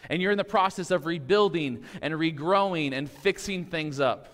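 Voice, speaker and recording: A man's voice: on the high side, moderate pace, a bit bright. Conversational male pastor in a reverberant church. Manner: casual and conversational, often checks in with "all right?" and "okay?". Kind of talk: sermon. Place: church sanctuary.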